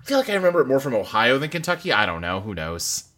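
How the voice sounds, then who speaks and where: A man's voice: mid-range voice, sing-song, fast, bright, forceful tone. A man co-hosting a podcast, chatting casually and thinking aloud with plenty of hedging. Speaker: podcast co-host. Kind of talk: casual chat.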